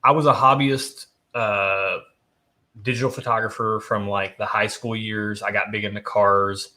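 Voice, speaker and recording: A man's voice: lowish voice, fairly even intonation, measured pace, bright, forceful tone. A man in his thirties co-hosting a livestream, chatting casually and rambling enthusiastically about his hobbies. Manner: rambling, enthusiastic, self-deprecating. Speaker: co-host of a whiskey channel.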